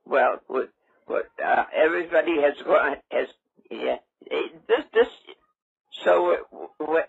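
An older man with a raspy, gravelly voice, rambling in confusion and repeating himself in prank call clips. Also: a little high, slow pace, no room sound. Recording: muffled phone line.

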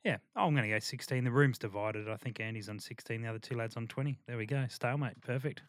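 A man's voice: mid-range voice, quick pace. A man hosting a casual chat, laughing often and trailing off with fillers. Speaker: podcast host.

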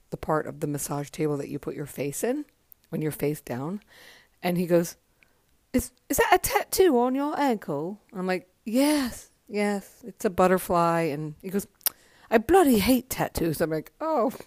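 A woman's voice: on the low side, no room sound. A woman telling stories on her podcast, overtired, rambling and correcting herself as she goes. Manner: rambling, self-correcting, acts out quotes. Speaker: podcast host. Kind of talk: casual storytelling monologue. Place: home.

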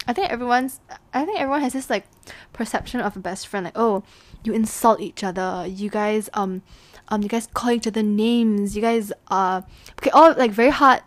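A young woman co-hosting a casual podcast chat with a friend, giggly and animated, often restarting her sentences. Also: on the high side, moderate pace, no room sound. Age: young adult. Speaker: podcast co-host.

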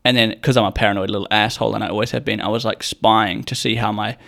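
A lowish, creaky male voice moves fast as a young man rambles through anecdotes. He curses freely and brings the people in his stories to life by mimicking them.

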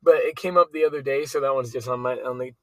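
A man's voice: mid-range voice, quick pace, a bit bright, dry recording, rough recording. A young man co-hosting a casual family chat podcast, joking, laughing often and restarting his sentences. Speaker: podcast co-host.

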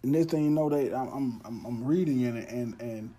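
A man's voice: mid-range voice, normal speed, mellow. A young man hosting a podcast, telling a heartfelt story in a loose, earnest monologue that often restarts its sentences. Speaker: podcast host. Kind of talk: casual monologue.

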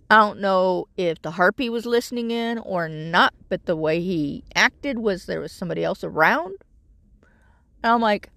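A woman's voice: mid-range voice, normal speed, gravelly, fairly bright tone, dry recording. Exasperated middle-aged woman rambling on. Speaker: vlogger living in her vehicle. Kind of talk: casual chat.

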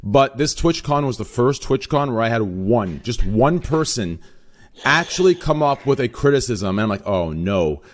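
A man's voice: mid-range voice, lively intonation, moderate pace. A young man hosting a podcast in casual chat, rambling and swearing with lots of stumbling restarts. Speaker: podcast host.

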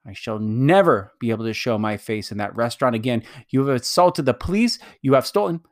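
A man voicing a fussy, pompous old gentleman who complains in aggrieved, formal speech. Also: expressive, fairly quick, dry recording, clean studio sound, lightly acted. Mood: indignant. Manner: pompous, aggrieved, raised pitch.

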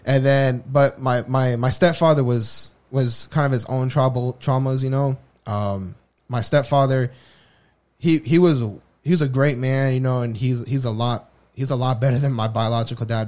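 A podcast co-host speaks in a mid-range, darkish voice at a moderate pace with fairly even intonation. He rambles candidly through a personal story in casual conversation, restarting often.

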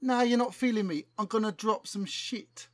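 A man's voice: high-pitched, moderate pace, fairly bright tone, voice pushed up. Chronic Cortex, a man doing a slangy young rapper. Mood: brash, cocky. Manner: slangy street talk, brash. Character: swaggering young male street rapper.

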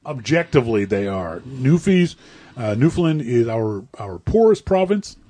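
A man's voice: medium pitch, very animated, normal speed, warm tone. A man from Nova Scotia, Canada, telling rambling stories in a casual chat as co-host, with many restarts. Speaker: podcast co-host.

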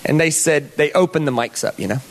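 A man's voice: a little high, animated, brisk, vocal fry. A male pastor telling a story in a sermon, talking conversationally and putting questions to the audience.

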